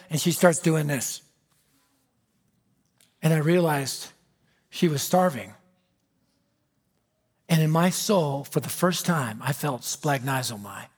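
A middle-aged American man preaching a storytelling sermon, animated and dramatic, dropping to a hush for emphasis. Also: high voice. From United States. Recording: reverberant hall.

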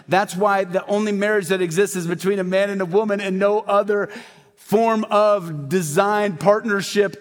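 A man preaching a sermon in a church, talking conversationally and animatedly to the congregation with asides. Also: high-pitched. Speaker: pastor. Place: church sanctuary. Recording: hall reverb.

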